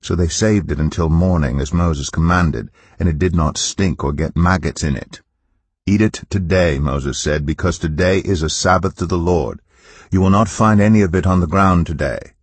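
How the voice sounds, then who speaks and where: A man giving a calm, measured Bible reading in a scripted style. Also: low voice, husky, dry recording. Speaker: Bible reader.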